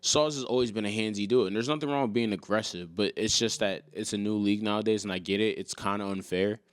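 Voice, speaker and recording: Animated, ranting man on a sports podcast. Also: on the low side, quick pace, smooth, no room sound. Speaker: podcast co-host. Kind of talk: casual sports chat.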